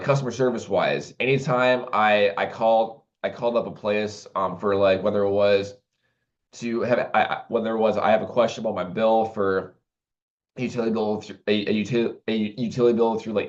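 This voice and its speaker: A man's voice: on the low side, fairly even intonation, a little fast. A man talking casually to the camera in a rambling way, with many restarts and fillers. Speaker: vlogger. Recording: dull lo-fi recording.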